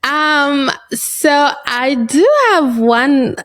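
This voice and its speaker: A woman's voice: sits high, steady tone. A woman hosting a podcast, introducing her guest in a casual way with frequent fillers. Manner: slow, warm introductions with fillers. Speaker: podcast host.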